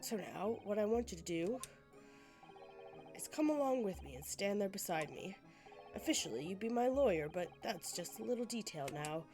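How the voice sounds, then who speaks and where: A sick woman voicing a boastful, wealthy man with a lowered, generic deep voice and a hoarse throat. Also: lively intonation, normal speed, darkish tone, soft background music, lightly acted. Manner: lowered generic deep voice, breezy and self-important. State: ill, hoarse. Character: wealthy boastful Irish-accented man in Victorian London.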